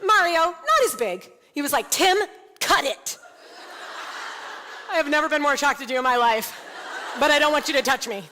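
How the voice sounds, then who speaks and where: A woman founder telling a funny personal story to a women's event audience, animated and laughing often. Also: sits high, fast, a little hiss or hum. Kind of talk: comedic personal storytelling talk. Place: large event hall before an audience. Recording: long hall reverb, faint ambience.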